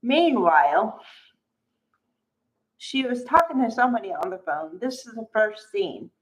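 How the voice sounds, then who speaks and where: A woman's voice: a little high, big pitch swings, unhurried, poor audio. A woman recapping a soap opera in a casual, chatty way, acting out quotes and stopping often with "okay". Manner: chatty, acts out quotes, many okays and asides.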